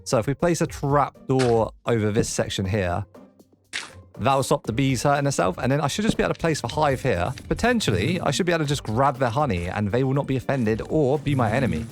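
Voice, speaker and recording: Lively excitable guy narrating his game, voice jumps up and down a lot, soft music behind. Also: mid-range voice. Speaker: let's play host. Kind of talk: gameplay commentary.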